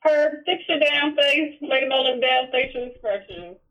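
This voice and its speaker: A woman's voice: high voice, a little slow, a bit bright. A woman calling into a podcast, casual and teasing with a sassy manner, heard over a phone call. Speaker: caller, sponsor. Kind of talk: casual chat.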